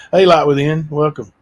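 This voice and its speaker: A man hosting his own livestream channel, chatting loosely with frequent fillers. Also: a little high. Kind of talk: casual chat.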